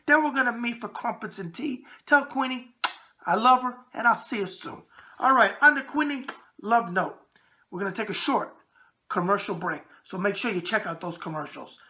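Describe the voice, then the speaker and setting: Man, New York accent, raspy, bright forceful tone, brash wise-guy host. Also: high voice, expressive, normal speed. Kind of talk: casual call-in talk show.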